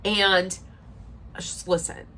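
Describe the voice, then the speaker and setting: A woman's voice: medium pitch, level tone, drawn-out words, pushed and bright, a little hiss or hum. Chatty woman ranting about reality TV. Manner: chatty, emphatic, rambling, sarcastic asides. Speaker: reality TV recap vlogger. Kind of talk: casual opinionated recap rant.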